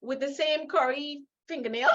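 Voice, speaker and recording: A middle-aged woman with a Guyanese accent speaks as an interview guest, her voice sitting a little high. She tells her story emphatically and laughs often. The sound is a bit muffled and dull. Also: moderate pace, a bit bright. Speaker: guest, leadership coach.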